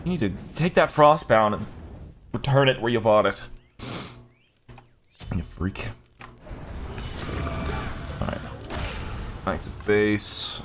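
A man casually commentating his own gameplay, cursing and joking, often breaking into high-pitched yelling. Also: expressive, slow pace, pauses often, soft background music. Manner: profane, jokey, bursts into high-pitched yelling. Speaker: gaming YouTuber.

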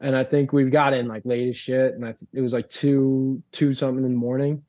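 Talking a little fast at a medium pitch with little variation, this Long Island, New York band frontman guests on a laid-back podcast. The recording is muffled, and his meandering stories come loaded with filler words and curses.

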